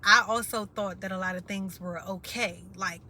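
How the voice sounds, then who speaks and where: A woman's voice: medium pitch, fairly even intonation, normal speed, sharp tone, a little hiss or hum. A young woman vlogger talking candidly to her viewers, rambling and slangy, at times close to tears. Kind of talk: candid confessional talk to viewers.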